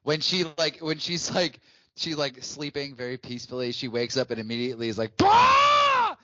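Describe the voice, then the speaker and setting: A man's voice: mid-range voice, fairly even intonation, brisk, pushed and bright, no echo, dull audio. A man co-hosting a podcast, laughing and amused as he talks about films. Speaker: podcast co-host. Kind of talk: casual film discussion.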